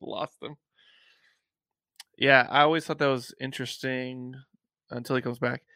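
A man's voice: medium pitch, flat delivery, measured pace, bright, forceful tone, no echo, clean studio sound. A man guest-hosting a movie podcast, laid-back and casual, with lots of filler words, on a computer mic. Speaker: guest host. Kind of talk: casual movie review chat.

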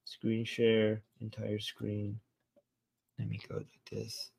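A man's voice: on the low side, monotone, slow, creaky, darkish tone, slightly rough. A man hosting a livestream, reacting heatedly to a clip, trading insults and rambling while he screen-shares videos. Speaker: livestream host.

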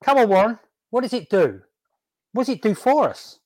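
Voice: medium pitch, sing-song, normal speed, a little mellow. A podcast host in casual chat who jokes with the guest and laughs along.

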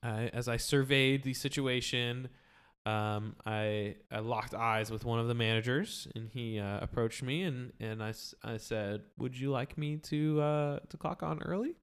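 A young man hosting a casual podcast, telling work stories in a relaxed way with many fillers. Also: mid-range voice, a little slow, few pauses, clean tone. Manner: relaxed storyteller, hedging with fillers. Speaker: podcast host.

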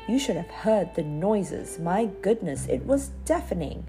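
A woman reading a children's storybook aloud in an expressive, lively way. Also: medium pitch, a little slow, hardly any pauses, soft background music. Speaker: narrator.

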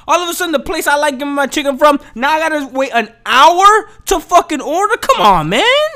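A man's voice: very high-pitched, very animated, brisk, hardly any pauses, sharp tone. A man ranting casually and profanely, exasperated and full of slang.

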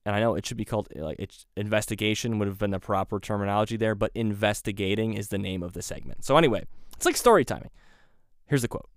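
A man's voice: lowish voice, fast talker, dry recording, clean studio sound. A man hosting a solo podcast, rambling casually with sarcastic, self-deprecating asides. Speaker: podcast host.

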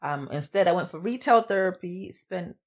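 A woman with a low voice co-hosts a podcast in easy, chatty talk. She laughs often and speaks in quick bursts. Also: expressive. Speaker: podcast co-host. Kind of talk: casual chat.

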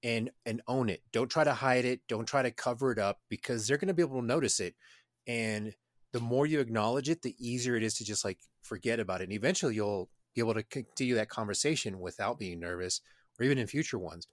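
A man co-hosting a casual podcast, giving relaxed, straightforward dating advice. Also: mid-range voice, fast talker, dry recording, clean studio sound. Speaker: podcast co-host.

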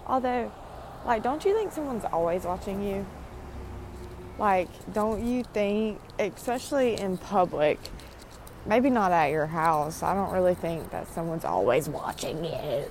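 A woman's voice: mid-range voice, expressive, measured pace, darkish tone, a little hiss or hum. A young woman in her twenties vlogging a casual, meandering monologue full of "like" while pacing outside in a parking lot, talking into her phone.

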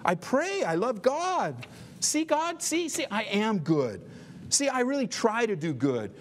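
A self-satisfied churchgoer, a grown man, whines and boasts in a raised, pleading voice about his own goodness, as a preacher acts him out. The voice sits well above the preacher's own, lively and insistent, in a church sermon. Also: high-pitched, very fast, husky, pitched above the performer's own voice, full character voice. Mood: smug. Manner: whiny, pleading, self-congratulating.

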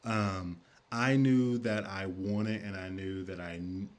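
Lower-voiced man hosting a candid podcast. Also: fairly even intonation, slow, background noise. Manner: candid, affirming, chatty. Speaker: podcast host. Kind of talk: casual interview conversation.

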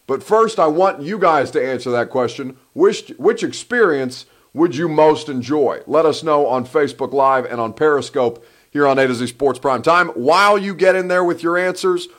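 A man hosting a solo live sports talk show, animated and rambling, often breaking off mid-sentence. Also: on the high side. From Egyptian heritage. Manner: animated, rambling, self-interrupting.

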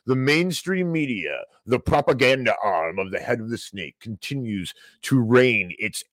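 A man holds forth on his podcast, heaping mocking scorn on the financial world in a theatrical rant. His mid-pitched voice is recorded close and dry, with no room sound at all. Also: dry recording. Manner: sarcastic, mocking, theatrical outrage. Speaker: podcast host. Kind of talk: ranting financial commentary.

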